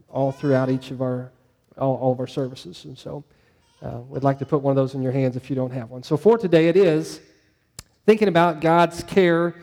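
Male pastor, slightly high mellow voice, chatty preaching style that draws in the congregation. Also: big-room sound. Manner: conversational, asks the congregation questions. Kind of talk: sermon.

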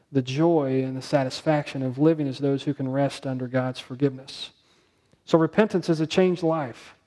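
A male pastor preaching a sermon in a conversational way, asking the congregation rhetorical questions and slowing down to stress key words. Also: a little high, dark tone.

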